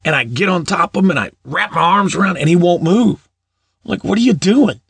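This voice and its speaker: A middle-aged man preaches in a relaxed, anecdotal way and stumbles over repeated words. His voice sits a bit high for a man and has a rough, gravelly edge. It is recorded close and dry. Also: brisk, no echo. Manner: warm anecdotal, repeats words, laughs at own stories. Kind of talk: casual sermon storytelling.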